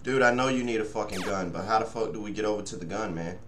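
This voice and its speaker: A man's voice: fairly low pitch, fast talker, a bit bright, soft background music. Cursing young man playing a game. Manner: frustrated, swears a lot, rambles to viewers. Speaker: gaming channel host. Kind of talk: let's play commentary. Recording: echoey room.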